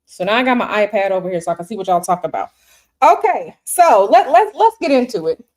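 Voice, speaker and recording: A woman's voice: mid-range voice, sing-song, a little fast, a little mellow. A woman hosting a tarot livestream from a hotel room, talking casually and chattily to her viewers and repeating herself often. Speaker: tarot reader and livestream host.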